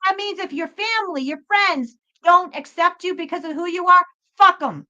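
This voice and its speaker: A woman with a high, sharp voice delivers an unscripted spiritual pep talk. She is blunt and emphatic and swears without holding back. The recording sounds a little dull and lo-fi. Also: moderate pace. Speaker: tarot reader and spiritual channel host.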